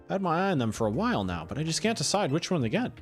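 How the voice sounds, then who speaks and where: A man's voice: a little high, big pitch swings, racing, soft background music. A man voicing a cheerful, folksy fossil restorer in a video game, chatty and eager to help. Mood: friendly.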